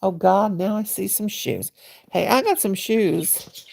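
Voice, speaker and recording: Lady rambling on a crochet livestream, real gravelly, kinda husky, folksy chat while she works. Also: medium pitch, measured pace, a little mellow. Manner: rambling, folksy, chatty aside to viewers.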